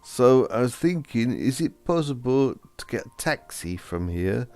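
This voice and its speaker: A man's voice: medium pitch, sing-song, unhurried, darkish tone, dry recording, soft background music. A man voicing Father Christmas as a puzzled, earnest old man asking for help. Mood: worried. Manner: earnest, questioning.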